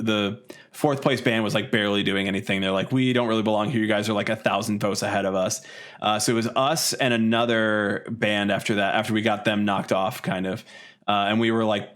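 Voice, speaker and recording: A man in his thirties, a podcast guest, telling a long story in casual, animated chat, swearing and laughing along the way. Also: on the low side.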